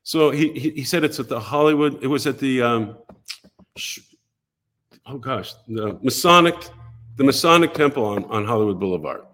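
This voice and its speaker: An older man spins an anecdote for a podcast, with a widely swinging, expressive pitch. He slips into the lines of other people as he goes, a practiced storyteller on a chat show. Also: moderate pace. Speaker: podcast guest. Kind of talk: animated anecdote telling.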